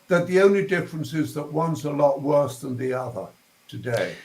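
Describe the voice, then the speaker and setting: A man's voice: fairly high pitch, normal speed, darkish tone, reverberant, low-quality recording. An older man with a posh southern English accent, a guest talking reflectively and searching for words with ums and restarts. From England. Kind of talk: reflective interview talk.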